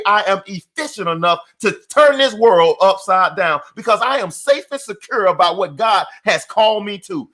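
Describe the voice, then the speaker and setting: High-voiced, bright motivational preacher man. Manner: emphatic, repetitive, preacher-like cadence. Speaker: motivational speaker.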